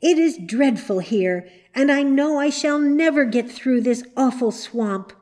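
A woman's voice: sits high, drawn-out words, dark tone, voice pushed up. A woman voicing a frightened, tearful young girl in a storybook, speaking in a raised, pleading voice. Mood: distressed.

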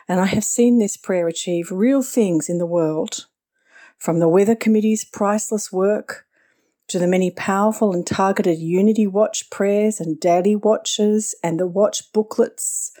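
A woman from Australia speaks in an earnest, heartfelt way. Her voice sits slightly low and has a warm, mellow darkness. She is giving a grateful personal testimony to her church.

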